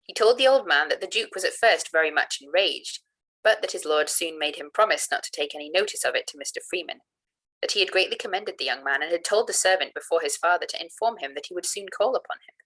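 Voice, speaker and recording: Woman reading an old novel aloud, lowish voice, careful, trips on a word now and then. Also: expressive, quick pace, sharp tone. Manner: careful reading with small slips and self-corrections. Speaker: reader of a novel.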